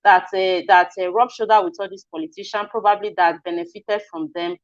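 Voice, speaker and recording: A woman's voice: mid-range voice, fairly even intonation, a little fast, dry recording. Nigerian lady news host, earnest and worked up, dry muffled mic. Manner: earnest, hesitant, then indignant. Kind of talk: spoken news commentary. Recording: dry, dull lo-fi audio.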